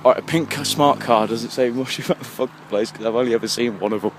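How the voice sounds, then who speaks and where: Quick-paced and medium-pitched, a slightly tipsy young English vlogger swears constantly through a casual, wandering monologue on his way home at night. The phone he holds while walking picks up faint traffic going by on the street.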